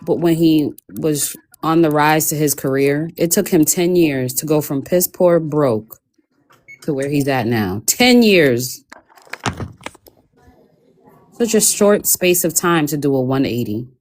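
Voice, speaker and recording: A woman's voice: low voice, slow pace. A woman co-hosting a casual talk show, telling stories animatedly with sudden swings in her voice. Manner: animated storyteller, wide swings into mock voices. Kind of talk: casual storytelling chat.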